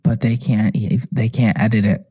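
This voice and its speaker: A man's voice: on the low side, steady tone, moderate pace, mellow, breathy edge. A man co-hosting a podcast, chatting casually and thinking aloud, full of likes and trailing questions. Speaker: podcast co-host. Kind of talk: casual chat.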